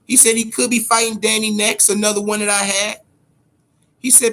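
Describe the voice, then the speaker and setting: Male boxing-talk host, raised pitch, hot and profane, repeats himself when fired up. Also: moderate pace, bright, forceful tone. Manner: heated, profane, repeats words when worked up. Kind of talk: profane casual boxing commentary.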